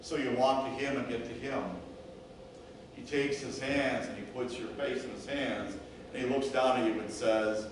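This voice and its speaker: A man's voice: medium pitch, fairly even intonation, normal speed, background noise. A male pastor preaching a sermon in a church sanctuary, building rhythmic lists of repeated words. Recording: echoey church from far off.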